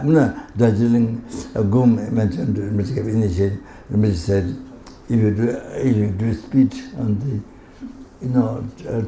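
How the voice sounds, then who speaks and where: A man giving a Buddhist teaching, halting and full of fillers, often breaking into laughter. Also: lowish voice, vocal fry. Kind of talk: dharma teaching. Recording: echoey hall ambience, faint noise.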